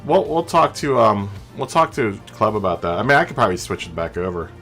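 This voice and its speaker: A man's voice: lowish voice, lively intonation, brisk, gravelly, a bit bright, soft background music. A man live-streaming a racing game, chatting loosely with his viewers in a rambling way and laughing at his own jokes. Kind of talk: casual chat with live chat viewers. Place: home streaming setup. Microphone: studio mic through a mixer.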